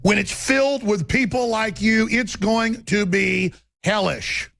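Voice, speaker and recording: A man's voice: high-pitched, slow pace, gravelly, fairly bright tone, dry recording, studio quality. A man with a Texas accent, hosting a radio talk show and ranting through a combative, sarcastic, rambling monologue.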